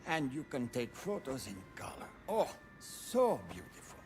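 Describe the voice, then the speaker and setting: A sly Italian dealer, Ernesto. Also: male voice, mid-range voice, huge pitch swings, a little slow, faint music behind. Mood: haggling. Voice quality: theatrical, sing-song haggling. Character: sly older male Italian camera dealer.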